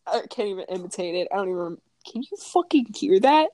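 A woman chatting casually as a podcast host, rambling and laughing between swear words. Her voice sits at an ordinary pitch for a woman. The sound is dry and close, with little room echo. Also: expressive, brisk, hardly any pauses, warm tone. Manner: giggly, swears a lot, rambling. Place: room at home.

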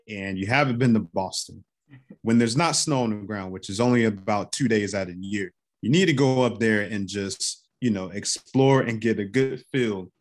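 A man from North Carolina hosting a podcast, relaxed and folksy in casual conversation. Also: on the low side. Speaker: podcast host.

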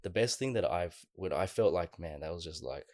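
A man, co-hosting a casual podcast and telling a long story in a lively, filler-heavy way. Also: low-pitched, moderate pace, no room sound, studio quality. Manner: animated storyteller, many fillers. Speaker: podcast co-host.

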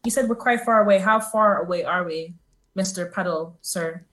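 A woman's voice: fairly low pitch, moderate pace, fairly bright tone. A woman playing a tabletop game, cautious and polite. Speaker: player. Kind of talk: casual tabletop play.

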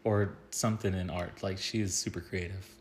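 Laid-back dad telling stories. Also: male voice, sits low, a little hiss or hum. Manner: relaxed, laughs easily, halting with fillers. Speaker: podcast co-host, father, soccer coach. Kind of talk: casual chat, storytelling.

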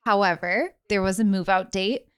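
A woman's voice: medium pitch, fairly even intonation, moderate pace, smooth. A woman guest on a podcast, laying out events in a matter-of-fact, casual way. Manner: matter-of-fact, setting the record straight. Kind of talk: casual chat.

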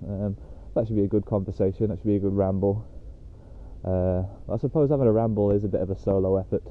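A man's voice: fairly low pitch, steady tone, quick pace. A man hosting a casual solo podcast while out walking his dog, rambling chattily with lots of fillers. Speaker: podcast host. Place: outdoors on a dog walk. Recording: tinny phone-like sound.

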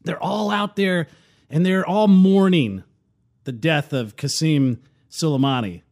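A man's voice: fairly high pitch, unhurried, a little mellow. A man hosting a political talk show, reading news quotes aloud and reacting with opinionated commentary. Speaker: host.

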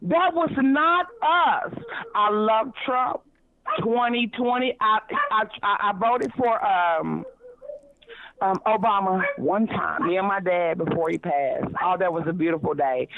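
A woman's voice: mid-range voice, unhurried. Stammering woman caller on a phone line. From Kansas City, Missouri. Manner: rambling, stammering, repeats words. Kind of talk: radio call-in chat. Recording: tinny phone line, dry.

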